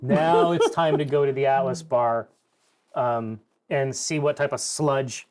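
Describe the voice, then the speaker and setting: A man playing in a tabletop role-playing game, talking casually and excitedly, often restarting his sentences. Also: mid-range voice, unhurried. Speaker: player.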